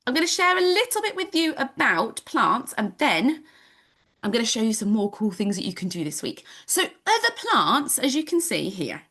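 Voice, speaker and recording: Bubbly high-voiced woman teaching kids online. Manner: bubbly, animated, sing-song with kids. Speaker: home education teacher. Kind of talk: live online class for children. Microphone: video call.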